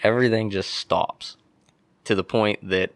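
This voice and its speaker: Young male guest, gravelly low voice, dry close sound, animated storyteller from Pennsylvania. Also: measured pace, no room sound. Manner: animated storyteller, acts out quotes. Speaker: podcast guest. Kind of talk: casual storytelling.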